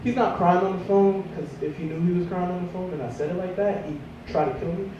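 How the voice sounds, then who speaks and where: A young man doing a stand-up routine, telling a rambling, self-mocking story and jumping into squeaky voices for the characters. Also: fast talker, dull audio, background noise. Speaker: stand-up comedian. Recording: echoey room, distant mic.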